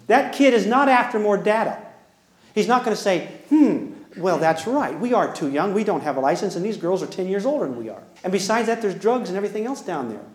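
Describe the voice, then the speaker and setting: A man's voice: sits high, very animated, a little fast. A man giving a humorous parenting seminar to an audience, folksy and teasing, acting out both sides of little dialogues as he goes. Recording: echoey room.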